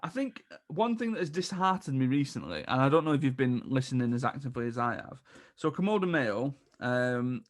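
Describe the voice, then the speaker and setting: A man hosting a podcast in casual chat, wry and teasing with his guest. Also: medium pitch. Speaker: podcast host.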